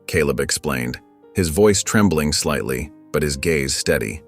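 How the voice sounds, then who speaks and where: A man narrating a scripted story in a solemn, even manner. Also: rumbling low, a little slow, soft background music.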